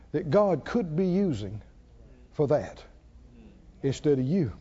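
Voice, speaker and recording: The recording loses its highs as an older male pastor preaches in a high-pitched voice. His sermon is lively storytelling punctuated by laughter and calls for the congregation to answer back.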